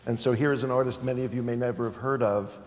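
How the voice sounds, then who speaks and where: A man's voice: medium pitch, steady tone, fast talker. A man moderating a public talk as interviewer, thoughtful, with stammering restarts. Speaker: interviewer, museum director. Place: lecture hall. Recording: reverberant hall.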